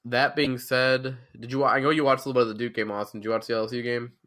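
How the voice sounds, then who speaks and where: Bright-voiced man talking college hoops. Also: medium pitch, little pitch movement, rapid-fire. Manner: rambling, fan-style basketball breakdown with sarcasm. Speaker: podcast co-host. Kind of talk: casual sports podcast chat.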